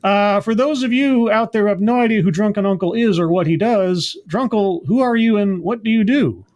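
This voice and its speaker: High-pitched upbeat male show host. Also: normal speed, a little mellow. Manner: upbeat, playful, reading out viewer names. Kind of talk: casual chat.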